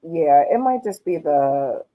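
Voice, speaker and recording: A woman hosting a podcast, asking calm questions with short affirmations over a Bluetooth headset. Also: sits low, takes it slowly. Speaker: podcast host. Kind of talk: casual interview chat. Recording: dull lo-fi Bluetooth audio.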